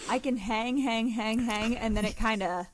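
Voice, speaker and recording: A woman's voice: fairly high pitch, steady tone, moderate pace, a little hiss or hum. A young adult woman from Colorado, co-hosting a podcast and telling stories in a bubbly, enthusiastic casual chat. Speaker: podcast co-host.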